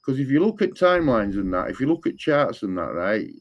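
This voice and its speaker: A man's voice: mid-range voice, big pitch swings, a little fast, muffled recording. A man, rambling in casual chat and often repeating the same stock phrase. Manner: rambling, repeats "what I'm saying to you".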